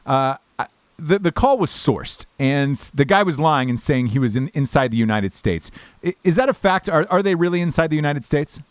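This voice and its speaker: A man hosting a podcast, telling a story in a casual, animated way with frequent swearing. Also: fairly high pitch, dry recording. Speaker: podcast host.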